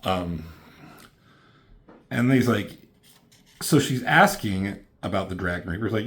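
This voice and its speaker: A man's voice: on the low side, expressive, unhurried, long pauses, fairly bright tone. A man casually walking through his own comic book, reading bits of dialogue and rambling with many fillers. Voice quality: rambling, many fillers, reads dialogue with slight character shifts.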